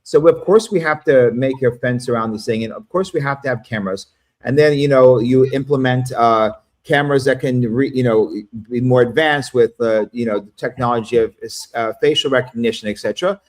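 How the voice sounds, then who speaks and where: A man chatting on a livestream panel, rambling and profane as he tells stories in a casual, animated way. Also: medium pitch, a little fast. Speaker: panel guest.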